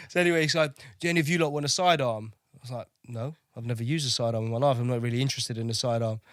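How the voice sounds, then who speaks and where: A man in his thirties from Kosovo swaps service stories on a podcast, loose and chatty, with swearing and stumbles. His voice sits at an ordinary middle pitch and sounds dry and close. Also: fast talker, no room sound. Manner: chatty, swears freely, repeats words while telling stories. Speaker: podcast guest, navy veteran. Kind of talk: casual interview storytelling.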